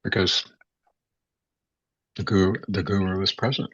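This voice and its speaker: A man giving a spiritual talk as a teacher, speaking haltingly with many repeated words and fillers. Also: deep voice, flat delivery, a bit bright, breathy edge, no room sound. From United States. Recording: dull, dry, lo-fi sound.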